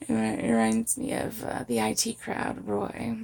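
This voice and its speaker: Young woman with a northern English accent, slow and giggly, husky with a gravelly edge. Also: a little high, level tone, a little mellow. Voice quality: breathy, husky. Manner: giggly, self-mocking, slow and drawn out. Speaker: audio content creator. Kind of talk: casual chat, often whispered.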